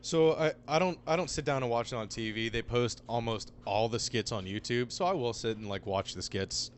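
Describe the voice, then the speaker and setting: A man's voice: medium pitch, a little fast, a little hiss or hum. A young man co-hosting a casual sports podcast, easygoing and agreeable. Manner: easygoing, agreeable, laughs often. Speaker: podcast co-host.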